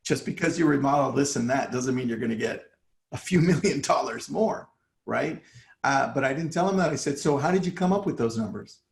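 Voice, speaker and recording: A man's voice: mid-range voice, lively intonation, fairly quick, creaky, reverberant. A man coaching real estate agents in a casual live talk, acting out his phone calls with sellers. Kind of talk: live online training talk.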